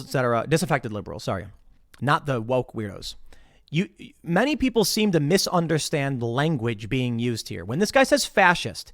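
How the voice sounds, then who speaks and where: In a dry, studio-quality recording, a man whose voice sits a little high hosts casual political talk. Animated throughout, he retells stories and impersonates the people he quotes, shifting voices for each.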